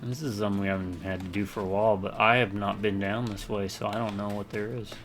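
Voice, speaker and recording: A man's voice: on the low side, steady tone, quick pace, a bit bright. A man from the American South rambling casually while commenting on his gameplay. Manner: rambling, chatty, self-deprecating. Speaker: let's play gamer.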